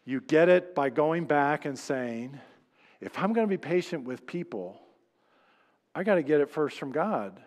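Man, pastor, conversational sermon, fairly high voice, long church reverb. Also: lively intonation, measured pace. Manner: conversational storytelling preacher, acts out quoted voices. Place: church sanctuary.

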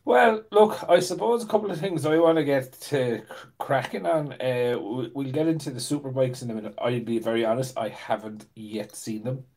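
A man hosting a casual podcast, chatty and quick to laugh. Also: medium pitch, a little mellow. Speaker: podcast host.

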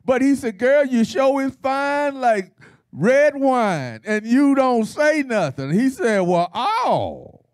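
A man pastor leads a Bible study in a folksy, teasing call-and-response style. His voice sits high and swoops all over the place. The sound is dry and close. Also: animated, slow pace, a little mellow, clean tone, no echo. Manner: folksy, playful, call-and-response preaching with laughter.

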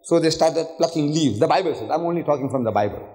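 Older man lecturing, lively and echoing. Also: fairly high pitch, quick pace. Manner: animated storytelling with rhetorical questions; acts out voices in quoted dialogue. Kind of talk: public lecture on religion. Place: hotel lecture hall. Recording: echoey hall reverb.

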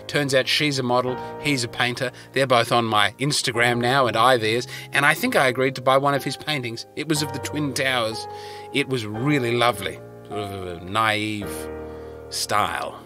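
An Australian man telling a rambling comic story in a self-mocking, chatty way, recorded in his car. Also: medium pitch. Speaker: comedian and podcast host. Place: parked car.

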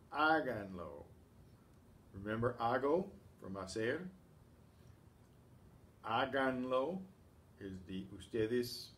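A man teaching a class, speaking slowly and patiently and clearing his throat often. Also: mid-range voice, fairly bright tone, a little hiss or hum. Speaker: Spanish teacher. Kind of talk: class lesson.

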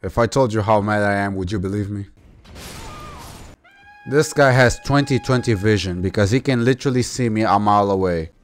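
A man giving gameplay commentary, exasperated, swearing and loudly exclaiming at the game. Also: on the low side, fairly quick, soft background music. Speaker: gamer.

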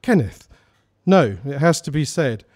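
A man's voice: a little high, sing-song, measured pace, a little mellow. A man reading a story aloud, voicing a haughty middle-aged woman who speaks with disdain. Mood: scornful.

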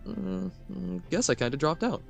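A wry, sheepish young cat woman, as a man puts her on with a lifted, lively voice. She sounds dry and a little sardonic. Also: sits high, moderate pace, creaky, soft background music, pitched above the performer's own voice, exaggerated voice. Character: wry young female cat, college dropout.

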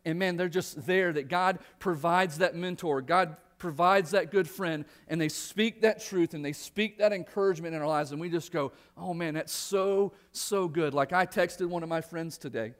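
A man's voice: on the high side, moderate pace, few pauses, fairly bright tone. A male pastor giving a conversational sermon in church, earnest and often repeating words as he restarts. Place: church sanctuary.

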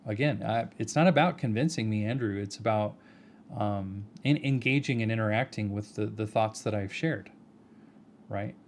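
A man giving an earnest, measured video response, addressing someone directly by name and pressing his points with rhetorical questions. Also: fairly low pitch, slight background noise. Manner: earnest, argumentative, addresses the other person by name. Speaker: video commentator.

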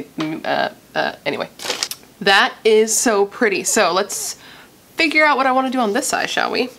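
A young woman from Missouri chatting casually and gushing as she does a makeup tutorial, thinking out loud. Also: medium pitch, a little hiss or hum. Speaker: beauty vlogger.

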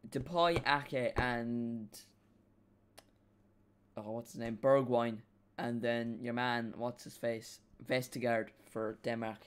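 A young man hosting a live football stream. His voice is smooth and resonant, with a middle pitch. He rambles through excitable banter with his viewers. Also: takes it slowly. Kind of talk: live football watch-along chat.

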